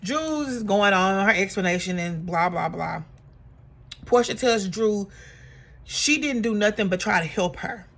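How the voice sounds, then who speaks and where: A woman's voice: medium pitch, unhurried. Chatty woman doing a gossipy TV recap. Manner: animated, acts out quotes in exaggerated voices; chatty with frequent fillers and laughs. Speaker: reality TV recap vlogger.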